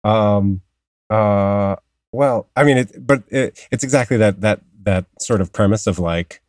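A man co-hosting a podcast in casual chat, speaking haltingly with many "uh"s and restarts. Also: lowish voice, no echo. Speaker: podcast co-host.

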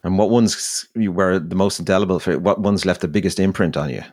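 Brief: deep-voiced Irish male host, dry close sound, eager quick questions. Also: a little mellow, no room sound. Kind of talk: interview questions.

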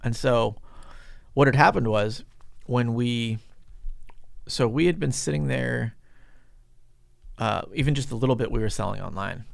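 In a dry, studio-quality recording, a middle-aged guest tells a meandering, profane story in an interview, acting out the people he quotes. His mid-range voice is creaky and animated, at a moderate pace with frequent pauses.

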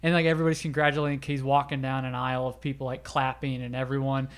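A man co-hosting a podcast, loosely retelling a film's plot with plenty of fillers and pausing now and then to squeak out quick falsetto impressions. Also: flat delivery, clean tone. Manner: rambling, filler-heavy retelling with sudden high-pitched character voices. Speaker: podcast co-host. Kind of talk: casual movie recap chat.

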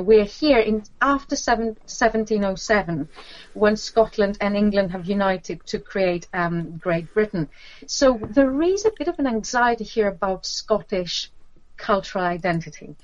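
A woman giving a lecture on literature and folklore, talking with many fillers, restarts and pauses. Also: mid-range voice, dry recording, lo-fi sound.

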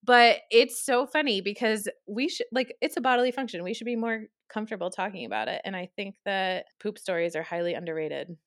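A woman's voice: medium pitch, a little fast, few pauses, a bit bright, dry recording, clean studio sound. A young woman with a New York accent co-hosting a podcast, talking frankly and animatedly with a friend. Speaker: podcast co-host. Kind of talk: casual podcast chat.

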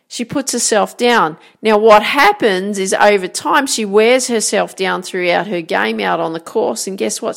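A woman coaching her listeners through a motivational talk, with a gravelly fry running through her mid-pitched voice. She talks in an encouraging, conversational way, often checking in with a quick question. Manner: encouraging, repeats "right?" and "guess what?". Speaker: golf and life coach.

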